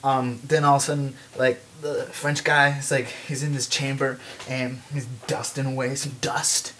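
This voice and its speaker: A young man rambling through a movie pitch, full of "like" and restarts, now and then breaking into silly voices. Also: little pitch movement, normal speed, a bit bright. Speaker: vlogger pitching a movie idea. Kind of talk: rambling comic monologue.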